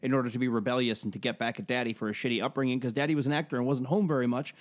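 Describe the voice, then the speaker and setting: A man's voice: mid-range voice, steady tone, rapid-fire. A man co-hosting a podcast in casual chat, profane and joking, rambling with many restarts. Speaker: podcast co-host.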